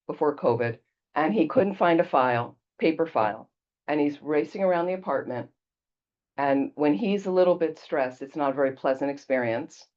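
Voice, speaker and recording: Low-voiced woman Buddhist teacher. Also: dark tone, dull audio. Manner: conversational storytelling, checks in with "okay?". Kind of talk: casual dharma talk.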